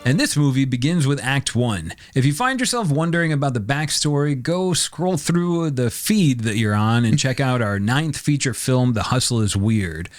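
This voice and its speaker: A man's voice: mid-range voice, lively intonation, normal speed, few pauses, faint music behind. A man co-hosting a podcast with comedic banter and a playful, mock-grandiose delivery. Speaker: podcast co-host.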